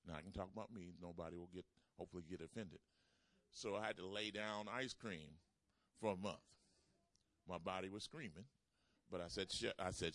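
Lively pastor preaching. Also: male voice, sits low, moderate pace, dry recording. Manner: call-and-response preaching, playful, repeats phrases for emphasis. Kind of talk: sermon.

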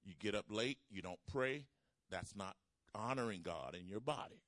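A man's voice: fairly low pitch, animated, normal speed, fairly bright tone, no room sound. A man preaching a sermon. He calls for responses from the congregation and repeats phrases for emphasis. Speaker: pastor.

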